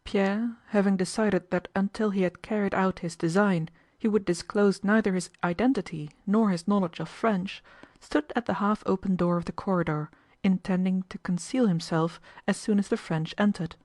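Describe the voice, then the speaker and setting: A woman reading a novel aloud as an audiobook narrator, steady and measured. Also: medium pitch, no echo, clean studio sound.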